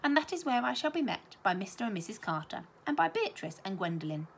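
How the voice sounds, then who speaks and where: A woman voicing a polite, hopeful young schoolgirl, in a storybook reading with lively pitch. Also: quick pace, a little hiss or hum. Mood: eager.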